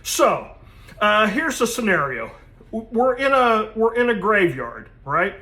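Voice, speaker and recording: A man telling a joke in a casual, animated way, acting out the characters. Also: sits high. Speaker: comedian teaching joke telling.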